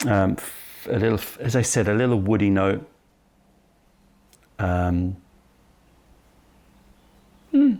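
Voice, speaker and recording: Guy rambling thru a tea tasting, wired on caffeine, lowish voice, keeps interrupting himself. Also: slow pace, long pauses, a little mellow. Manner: chatty, self-interrupting, apologetic asides. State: highly caffeinated. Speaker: tea shop owner and presenter. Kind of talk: casual tea-tasting vlog. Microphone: camera right in front of his face.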